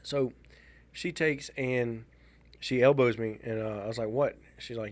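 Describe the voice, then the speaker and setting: A man, co-hosting a podcast and telling a personal story in a casual, halting, wry way. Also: medium pitch, no echo. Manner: halting, restarts a lot, candid and wry. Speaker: podcast co-host.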